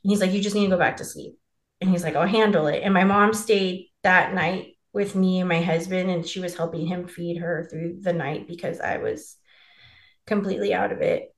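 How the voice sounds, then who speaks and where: A woman's voice: lowish voice, fairly even intonation, normal speed. Rambling woman in a roomy space. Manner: rambling, fills with "like", acts out quoted dialogue. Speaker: podcast co-host telling her birth story. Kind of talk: casual chat.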